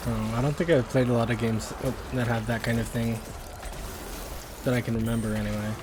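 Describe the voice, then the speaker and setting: A man's voice: mid-range voice, flat delivery, fairly quick, background noise. A man streaming a game, chatting casually with rambling, stumbling commentary. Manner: rambling, self-correcting, stumbles over words.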